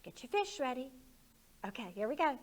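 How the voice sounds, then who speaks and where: A woman's voice: high voice, big pitch swings, a little fast. A woman who works as a children's librarian, leading storytime and talking to small children in a sing-song, encouraging way.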